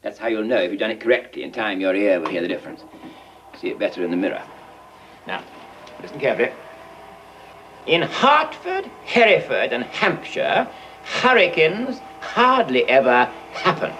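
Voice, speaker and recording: An actor playing a stern phonetics professor who gives precise, drawn-out elocution instructions, from an old film soundtrack. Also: male voice, mid-range voice, very animated, sharp tone. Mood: instructive. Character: stern upper-class male phonetics professor. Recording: old film audio with faint background noise.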